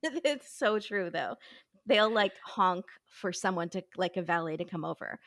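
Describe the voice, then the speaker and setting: Woman guest on a podcast, lowish voice, fast chatty, dry close mic. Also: expressive, a bit bright, no room sound. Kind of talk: casual chat.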